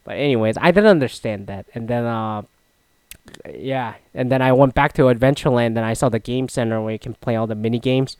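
Profane rambling man, smooth dry voice. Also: medium pitch, fairly quick, no room sound. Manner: rambling, swears a lot, loud mock outbursts. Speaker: vlogger recapping a solo trip. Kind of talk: casual profane storytelling.

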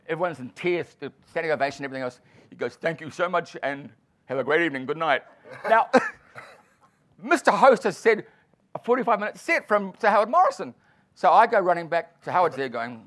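A man from New Zealand, a comedian, telling an anecdote on a panel in front of an audience, doing quick voices for the people in it. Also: a little high, fairly bright tone. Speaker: guest comedian and author. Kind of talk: storytelling on a panel. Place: venue with live audience.

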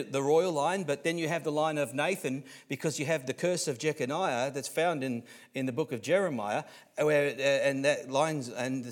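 A man with an Australian accent preaching a sermon as pastor, swinging between hushed lines and loud, emphatic ones, often restarting his words. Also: medium pitch. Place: church.

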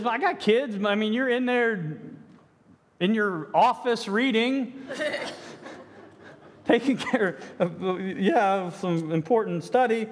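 Male pastor, high voice, loose and joking, stammers and restarts, sermon in a reverberant hall. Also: slow pace, long pauses, slight background noise. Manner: reads scripture aloud, then riffs with jokes and self-deprecating asides.

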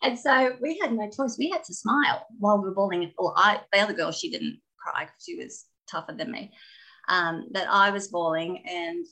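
A woman telling stories about her ballet training in a casual interview, animated and laughing often. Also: medium pitch, normal speed, rough recording. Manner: animated, laughing, expressive storyteller. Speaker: guest, former ballet dancer.

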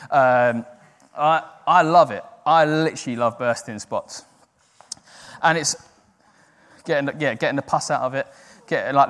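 A man's voice: mid-range voice, fairly bright tone. A man preaching a sermon in an earnest, self-deprecating way, acting out the doubting voices in his head. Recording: long hall reverb.

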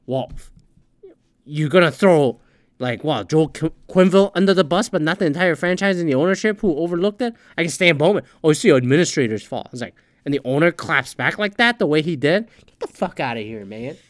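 A man's voice: on the high side, expressive, a little fast, dry recording, clean studio sound. A man hosting a podcast, ranting in heated, profane, sarcastic casual commentary. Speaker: podcast host.

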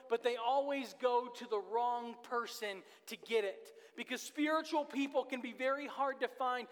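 Man, pastor, sermon, very high voice, earnest, repeats key lines, long church reverb. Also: a bit bright. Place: church sanctuary.

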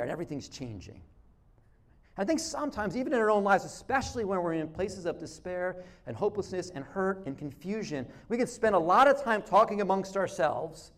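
A man preaching a sermon in a relaxed, conversational way, restarting phrases and acting out quotes. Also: high voice. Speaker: pastor.

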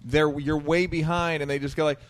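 A man's voice: a little high, flat delivery, a little fast. A man comedian co-hosting a casual chat, telling stories emphatically and swearing freely. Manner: emphatic, profane storytelling. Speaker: comedian co-host.

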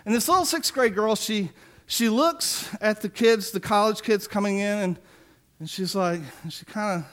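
Man in his forties, pastor, sermon, casual storyteller, light joking, high voice. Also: normal speed, fairly bright tone. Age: 40s. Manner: conversational storytelling with self-deprecating humor.

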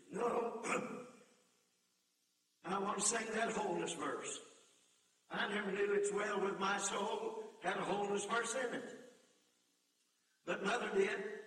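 An older man preaching a camp meeting sermon, telling a story with feeling and breaking into sung hymn lines and shouted appeals. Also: high voice. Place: large meeting hall or tabernacle. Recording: echoey hall, voice from far off.

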